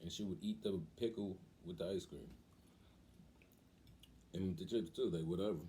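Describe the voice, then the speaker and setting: Low, mellow-voiced man telling stories. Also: normal speed, a little hiss or hum. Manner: animated, acts out quoted voices. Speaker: vlog host. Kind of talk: casual storytelling.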